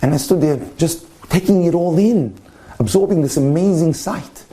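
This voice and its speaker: Mellow-voiced man telling a story. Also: fairly high pitch, moderate pace. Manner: passionate, dramatic storyteller. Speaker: rabbi and lecturer. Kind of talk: storytelling lecture.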